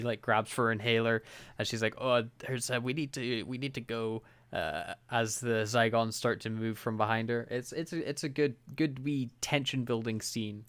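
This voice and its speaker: A podcast co-host with a medium-pitched, fairly bright, clear, and resonant voice recaps an episode in casual chat, recorded dry. He laughs often and quotes characters' lines in put-on voices.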